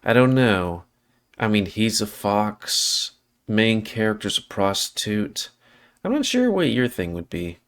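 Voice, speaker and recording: A man's voice: lowish voice, very animated, a little slow. A man playing through a visual novel, reading it aloud and breaking off into casual, rambling asides. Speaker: let's play host.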